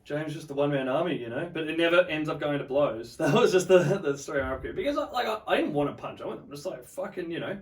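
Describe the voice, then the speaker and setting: This young Australian podcast guest has a fairly high voice with lively intonation, firing words off rapidly with few pauses, and the mic sits at a distance. Telling a long, casual story, he curses a lot and performs other people's lines.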